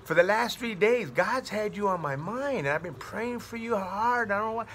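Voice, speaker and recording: Slow, earnest older churchgoing lady, bright-toned, as a man puts her on. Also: high voice, expressive, slight background noise. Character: older churchgoing woman, kind and devout.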